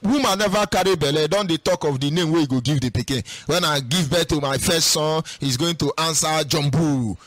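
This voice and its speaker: A man speaking Nigerian Pidgin as a host answering questions, in a sing-song, animated way that acts out other people's voices. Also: on the high side, fairly quick, hardly any pauses, no room sound. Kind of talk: casual spoken commentary.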